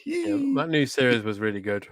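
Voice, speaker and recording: A man co-hosting a comedy show, chatting casually with dry, deadpan quips. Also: medium pitch, brisk, no echo.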